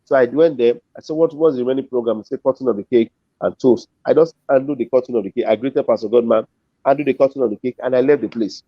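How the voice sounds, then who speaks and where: A man's voice: mid-range voice, fast talker, breathy edge, no echo. A middle-aged Nigerian man, a comedian and compere, telling a story as an interview guest and acting out the voices of the people in it. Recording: dull dry lo-fi audio.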